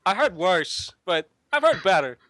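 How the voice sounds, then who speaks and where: A man's voice: high voice, sing-song, normal speed, a crowd in the background. A man on a casual group podcast, dry and teasing in his remarks. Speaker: podcast co-host.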